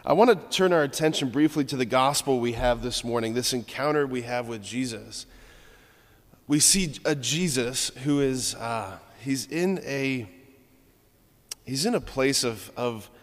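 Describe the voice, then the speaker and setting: A man's voice: mid-range voice, long reverb tail. A man giving a conversational, reflective homily as a preacher in a church.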